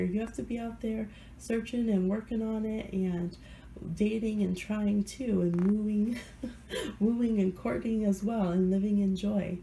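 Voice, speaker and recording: Gravelly-voiced woman reading tarot, laughing. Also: lowish voice, mellow, a little hiss or hum, low-quality recording. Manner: chatty, laughs often, playful asides. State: under the weather, sick voice. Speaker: tarot card reader. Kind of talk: casual pick-a-card tarot reading.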